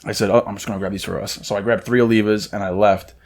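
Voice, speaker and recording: A man's voice: on the low side, fairly even intonation, fast talker, a little mellow. A young man co-hosting a podcast, chatting casually and telling a story in which he acts out what others said with a mocking edge. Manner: storytelling, acting out quotes in a mocking tone. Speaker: podcast co-host. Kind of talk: casual chat.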